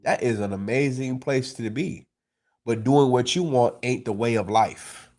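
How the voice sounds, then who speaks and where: With a medium-pitched voice at a measured pace, a man teaches a scripture class in an animated, streetwise style. He swears and keeps asking listeners whether they understand, saying "you understand?"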